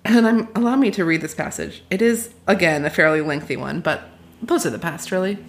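A woman's voice: fairly low pitch, fairly quick. Chatty, wry woman podcast host. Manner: chatty and wry, with frequent laughs. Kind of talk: casual book discussion and reading aloud.

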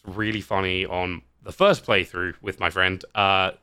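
A man hosting a podcast in casual chat, animated, laughing often and swearing casually as he talks about games. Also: sits low, normal speed, few pauses, clear, resonant tone, dry recording, clean studio sound. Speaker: podcast host.

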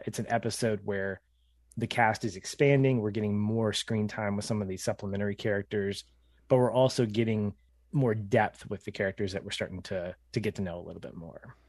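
A man's voice: fairly low pitch, a little mellow, dry recording, studio quality. A man co-hosting a podcast, chatting casually through a TV episode recap in a reflective way, often laughing mid-sentence. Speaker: podcast co-host.

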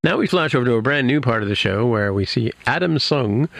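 Low gravelly guy rambling thru an episode recap, lots of ums, dead dry sound. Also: expressive, brisk, no room sound. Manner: rambling, many fillers and restarts. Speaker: podcast host recapping an episode. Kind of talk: casual chat.

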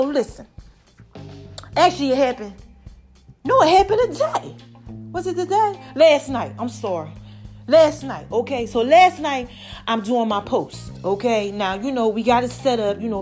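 A woman hosting her podcast in a casual, animated monologue, a little short of breath and calling her listeners baby. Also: sits high. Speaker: podcast host.

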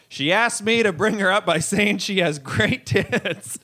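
A man emceeing a comedy show, teasing the crowd and rushing through the introduction of the next comedian. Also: sits high, bright, forceful tone. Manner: joking, teasing and rushed.

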